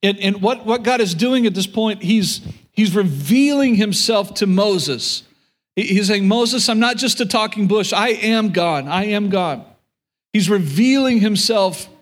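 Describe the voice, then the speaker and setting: Earnest high-voiced male preacher. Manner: earnest, repeats words, paraphrases God's voice. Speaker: pastor. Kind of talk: sermon. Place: church room with audience.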